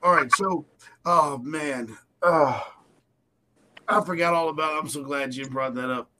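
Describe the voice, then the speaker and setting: A man hosting a radio show, chatting casually and telling a story in an animated, joking way. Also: on the high side, measured pace, slight background noise. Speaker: radio host.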